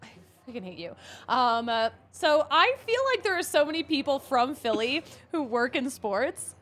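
A woman's voice: sits high, sing-song, moderate pace, fairly bright tone. A woman from the Philadelphia area hosting a casual podcast interview, teasing her guest. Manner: teasing, laughs often. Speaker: podcast host.

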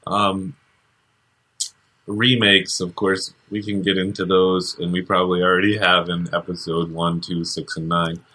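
A man's voice: low-pitched, level tone, measured pace, sharp tone, slightly rough. A man co-hosting a podcast in casual chat, rambling and joking with lots of fillers. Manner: rambling, jokey, many fillers. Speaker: podcast co-host.

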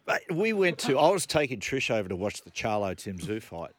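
A middle-aged man hosting a radio show, telling animated stories in casual chat. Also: medium pitch, normal speed. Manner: animated storyteller, laughs through his anecdotes. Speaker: radio host.

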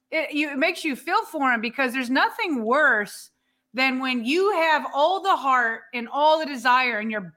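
A woman's voice: on the high side, pushed and bright. A woman co-hosting a sports podcast, chatting casually and building up her questions to a guest. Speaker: podcast co-host.

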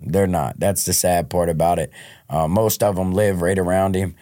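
A man's voice: sits low, fairly even intonation, moderate pace, warm tone, no echo, clean studio sound. A man being interviewed on a podcast, telling his life story in a frank, casual way and often restarting his words. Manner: frank, repeats word starts. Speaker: podcast guest.

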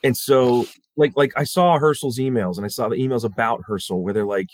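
A man with a medium-pitched voice talks as a guest in a casual conversation, with no room sound. He keeps restarting haltingly and acts out the quotes he relays.

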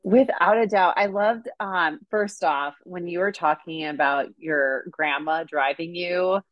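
A woman's voice: fairly low pitch, unhurried, no echo, highs cut off. A woman hosting a podcast from her home basement, effusive and emotional, often laughing. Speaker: podcast host. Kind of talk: casual conversation.

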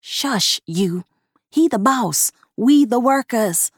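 A woman's voice: a little high, animated, slow, slightly rough, no room sound, clean studio sound, pitched above the performer's own voice, exaggerated voice. A woman voicing a proud, wary young circus ventriloquist who speaks in folksy dialect. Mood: hushing. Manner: folksy dialect, hushed and placating.

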